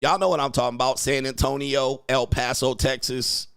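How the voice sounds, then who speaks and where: A man's voice: mid-range voice, fairly even intonation, normal speed, vocal fry, a bit bright, smooth, no room sound, studio quality, soft background music. A man hosting a show, ranting crudely, mocking his listeners and breaking into laughter as he acts out their voices. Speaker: podcast host and dating coach. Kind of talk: crude comedic rant.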